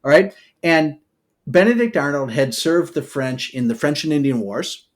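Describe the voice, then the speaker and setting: A man co-hosting a podcast, telling history as a loose, animated story, full of "okay" and "all right" asides. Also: a little high, normal speed. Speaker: podcast co-host. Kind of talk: casual storytelling chat.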